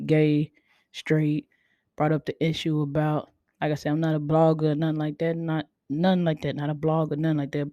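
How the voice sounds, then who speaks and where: A woman hosting a casual podcast, talking in a laid-back, near-monotone way and sounding tired. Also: sits low, no room sound. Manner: self-described monotone, laid-back delivery. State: tired, sleepy. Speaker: podcast host. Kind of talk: casual chat.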